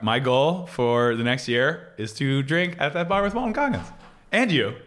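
A man's voice: medium pitch, moderate pace. An American man co-hosting a podcast, joking in casual chat and slipping into silly voices. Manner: animated, jokey, puts on silly voices. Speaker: podcast co-host.

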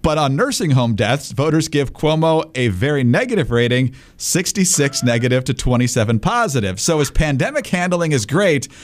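A man co-hosting a political podcast, wry and steady, also reading the sponsor ads smoothly. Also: mid-range voice, normal speed, few pauses. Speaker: co-host. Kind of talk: political podcast commentary and ad read.

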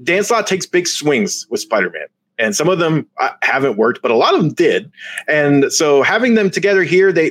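Animated man ranting about comics. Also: medium pitch, no room sound. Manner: excitable, mock-outraged, laughs often. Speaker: podcast co-host. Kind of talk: casual comics review chat.

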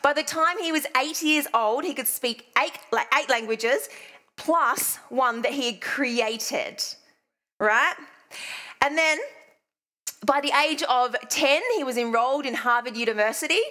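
Young Australian woman preacher, high bright voice, casual and self-mocking. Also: measured pace. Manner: chatty, self-deprecating storyteller. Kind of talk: sermon with personal stories.

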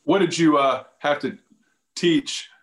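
A man's voice: a little high, takes it slowly, a bit bright. A man hosting a casual interview podcast, asking easygoing questions with a few restarts. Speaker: podcast host.

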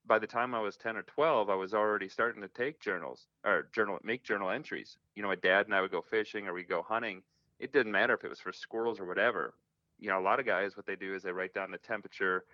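Over the phone, a man appears as a hunting guest in a relaxed interview, his lowish voice bright and forceful on a dry recording. Earnest and thoughtful, he frequently begins his sentences again.

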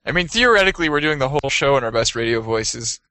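A man co-hosting a casual podcast, excitable and rambling, who sometimes slips into squeaky joke voices. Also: fast, dry recording. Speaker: podcast co-host. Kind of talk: casual chat.

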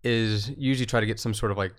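A man's voice: fairly low pitch, fairly even intonation, quick pace. Man, easygoing, filler-heavy, casual podcast guest. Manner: easygoing, many fillers and restarts. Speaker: competitive eater guest.

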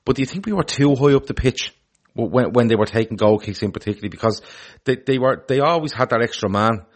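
A man co-hosting a casual football chat show, animated and opinionated, swearing freely. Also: medium pitch, fast. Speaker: podcast co-host.

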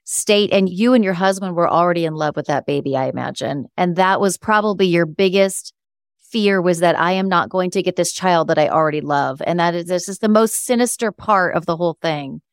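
A woman's voice: fairly low pitch, fairly quick, clear, resonant tone, no room sound, studio quality. A woman hosting a podcast interview, responding with sympathetic, reflective comments. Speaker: podcast host.

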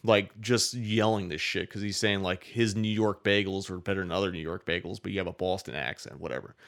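A man with a deep, gravelly voice spins a long casual story. His talk rambles and is full of "like" and swearing, easygoing and unscripted. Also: steady tone, a little fast, a bit bright. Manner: rambling, profane, many "like" fillers.

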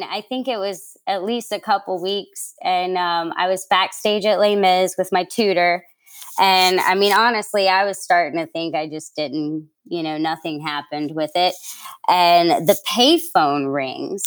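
A young woman from New York City, a guest telling stories in a casual interview, chatty and laughing, with lots of fillers and acted-out quotes. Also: lowish voice.

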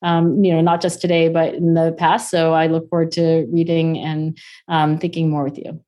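A middle-aged woman chatting as a guest on a podcast, animated and full of fillers. She laughs easily as she talks. Her voice sits a bit on the low side. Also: moderate pace. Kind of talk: casual interview conversation.

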